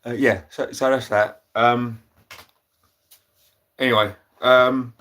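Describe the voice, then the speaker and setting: A British man with a medium-pitched voice hosts a casual livestream, reading chat comments aloud. His delivery is halting and rambling, full of fillers and restarts, broken up by dry, deadpan asides.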